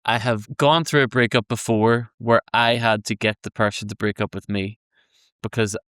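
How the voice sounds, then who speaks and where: A man's voice: on the low side, fairly even intonation, normal speed, a bit bright, clean tone, dry recording, studio quality. A man on a podcast, earnestly reflecting and sharing personal stories in casual discussion.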